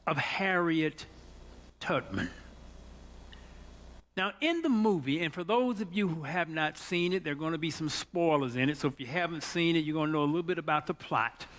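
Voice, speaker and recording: A man preaching a sermon, telling a story in a folksy way and building from soft talk to shouts. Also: on the high side.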